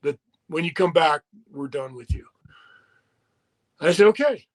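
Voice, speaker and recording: Middle-aged man, high-ish voice, profane and animated storyteller, interview guest. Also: unhurried. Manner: profane, animated storyteller acting out quoted dialogue. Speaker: retired wrestler guest.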